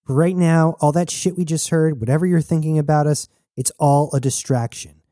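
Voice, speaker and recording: A man's voice: on the high side, steady tone, normal speed, mellow, dry recording, studio quality, pitched above the performer's own voice, close to an everyday voice. A man voicing a guarded, tough female space traveler who speaks sharply and urgently in a radio drama. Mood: pressing, defensive.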